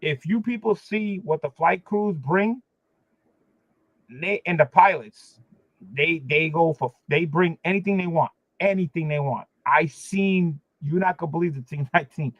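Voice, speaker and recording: A man's voice: a little high, unhurried, no room sound. A man hosting a livestream, chatting casually and complaining emphatically with lots of fillers. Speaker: livestream host. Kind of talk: casual chat. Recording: dull lo-fi sound.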